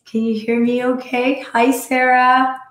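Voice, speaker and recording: A woman with a croaky, hoarse voice from croup, chatting casually with viewers on a live stream and greeting them by name. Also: high-pitched, level tone, measured pace, fairly bright tone, reverberant. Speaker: livestream host. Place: decorated home room.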